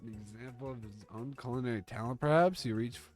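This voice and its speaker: A man's voice: mid-range voice, fast talker, soft background music. A man streaming, reading a text game aloud and reacting with jokes and curses. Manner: reads the story aloud and jokes and curses along.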